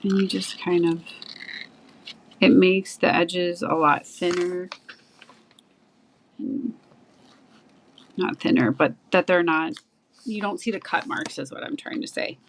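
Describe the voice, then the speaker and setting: A woman's voice: fairly low pitch, slow pace, pauses often, slight background noise, rough recording. A woman showing viewers how to make a greeting card, chatting enthusiastically while she works with her hands. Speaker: card-making demonstrator. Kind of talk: casual craft tutorial.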